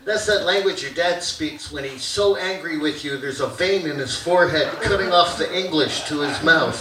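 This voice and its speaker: A man performs a lively stand-up comedy set, his voice sitting notably high for a man. He keeps switching into loud, shouted impressions of a grumpy father. The sound is captured from far off in an echoey theater, with plenty of noise from the crowd. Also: normal speed. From Canada. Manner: animated, acts out shouting dad voices. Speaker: stand-up comic. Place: theater stage with audience laughter. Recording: roomy, distant theater recording.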